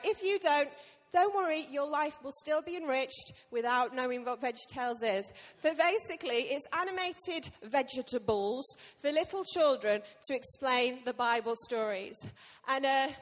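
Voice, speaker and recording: Lady pastor preaching, high voice, bouncy and jokey with the crowd, big church reverb. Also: normal speed. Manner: lively, joking asides to the congregation. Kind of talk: sermon. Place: church hall. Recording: long reverb of a church hall.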